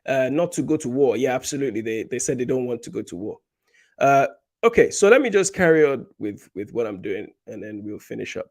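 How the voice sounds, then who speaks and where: A man from Nigeria hosting a casual political commentary livestream, animated and repeating points for emphasis, with many fillers and restarts. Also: mid-range voice, a little fast.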